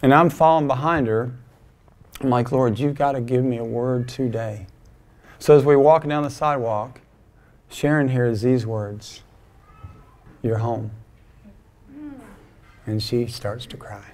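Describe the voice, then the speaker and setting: A man's voice: medium pitch, normal speed, darkish tone. A middle-aged man pastor telling a personal story in a folksy, conversational sermon, acting out bits of dialogue. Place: church sanctuary.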